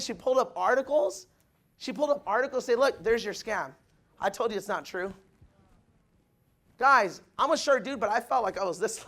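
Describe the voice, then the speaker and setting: Man, young adult, high voice, energetic motivational talk, addresses crowd. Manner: energetic, addresses the crowd as guys, acts out quotes. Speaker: motivational speaker.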